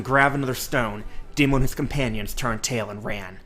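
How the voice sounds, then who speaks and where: Bright-voiced male audiobook reader. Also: medium pitch, moderate pace, soft background music. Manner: steady storytelling narration. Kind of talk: reading a novel aloud.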